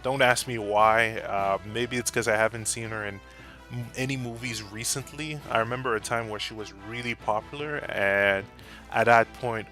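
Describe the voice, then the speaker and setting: A man's voice: on the low side, fairly even intonation, moderate pace, sharp tone, faint music behind. A man in casual commentary about his fan character redesigns, candid and profane, laughing now and then.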